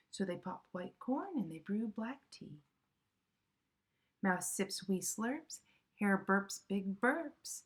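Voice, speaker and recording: A woman reading a children's picture book aloud, soft and often whispering, with a lot of expression. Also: fairly low pitch, lively intonation, a little slow, breathy edge. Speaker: storybook reader.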